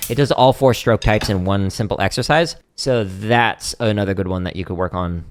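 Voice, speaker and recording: A man's voice: on the low side, a little fast, hardly any pauses, over music. A man teaching drumming on a livestream Q&A, explaining casually with lots of fillers and counting out strokes. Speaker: drum teacher. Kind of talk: livestream Q&A lesson.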